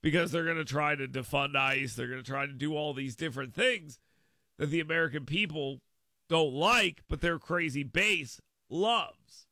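A man with a bright, gravelly voice sits at a studio mic and hosts a political talk radio show. He talks in a lively, dry-sounding way, acts out other people's voices, and restarts and corrects his own words as he goes. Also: a little high, normal speed, no room sound.

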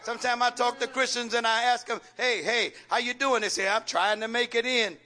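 A man's voice: very high voice, steady tone, brisk, bright, forceful tone. A man preaching a sermon as pastor, calling out questions for the congregation to answer and repeating phrases with folksy jokes.

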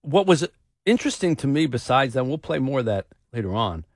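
A man hosting a radio talk show, telling stories in a casual, animated way and mimicking the people he quotes. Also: mid-range voice, a little fast, no echo, studio quality. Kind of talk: casual chat.

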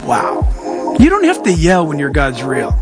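A pastor preaching a sermon, animated and acting out the voices of the people in his stories. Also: fairly high pitch, brisk, in a large hall, music in the background. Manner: animated, acts out voices, shifts between loud and hushed.

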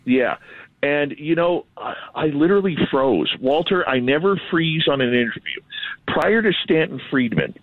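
A man from Canada, a radio host, telling an animated, self-deprecating story in casual chat. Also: fairly high pitch, moderate pace, no room sound. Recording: tinny phone line.

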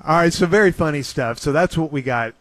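A man hosting a show, chatting casually and recounting a comedy show he saw with relaxed enthusiasm. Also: fairly high pitch, fairly quick, no room sound. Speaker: radio host. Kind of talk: casual chat.

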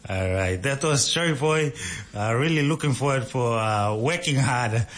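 A man's voice: mid-range voice, normal speed, fairly bright tone. A male morning radio host who stumbles over his words and laughs at himself. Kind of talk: morning radio show banter.

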